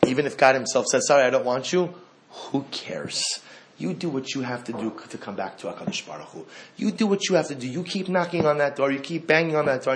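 A man giving an animated Torah talk. He repeats phrases and swings from hushed to loud. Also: medium pitch, slight background noise.

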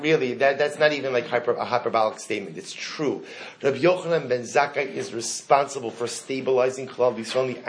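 A man teaching a Talmud class to students. He reads each passage aloud, then translates and explains it, and stops to put questions to the room. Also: mid-range voice. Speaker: Torah teacher.

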